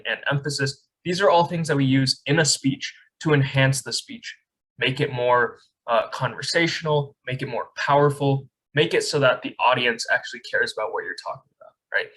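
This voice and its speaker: A man's voice: mid-range voice, sharp tone, poor audio. A young man teaching a speech class over a video call, conversational, often checking in with "right?". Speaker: speech camp instructor. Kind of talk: online lecture. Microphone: webcam on a video call.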